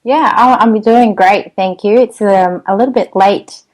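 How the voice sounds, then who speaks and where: A woman's voice: medium pitch, unhurried, darkish tone, poor audio. A woman with an Australian accent, a mother and podcast guest, talking in a chatty way with frequent laughs and restarts. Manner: chatty, laughs often, many ums and restarts. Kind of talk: interview over the internet.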